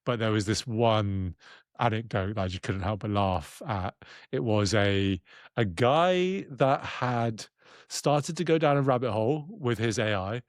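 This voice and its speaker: A man's voice: fairly low pitch, no echo, clean studio sound. A man hosting a podcast in casual conversation, rambling with fillers and restarts. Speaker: podcast host.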